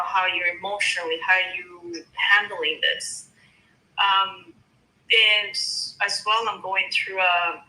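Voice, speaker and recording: A woman's voice: medium pitch, sharp tone, echoey room, rough recording. A woman in her thirties from Canada, a guest talking in a casual chat, emotional and hesitant with many fillers. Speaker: guest caller.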